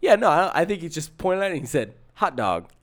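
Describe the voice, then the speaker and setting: A man's voice: on the high side, very animated, fast talker. A man co-hosting a podcast, telling a story in casual chat and acting out the quotes, with many restarts. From San Francisco area. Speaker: podcast co-host.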